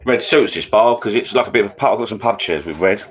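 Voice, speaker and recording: A man's voice: lowish voice, quick pace, slight background noise. Chatty middle-aged Englishman, lo-fi livestream. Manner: rambling, matey, chatty DIY talk. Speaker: livestream host. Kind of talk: casual livestream chat with viewers. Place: garden bar shed.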